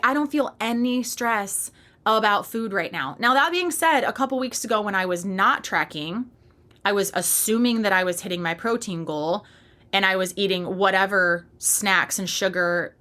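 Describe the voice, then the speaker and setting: A woman's voice: mid-range voice, bright, forceful tone. A woman in her thirties hosting a solo fitness podcast, talking in a passionate, emphatic and candid way with casual swearing. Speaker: podcast host and fitness coach.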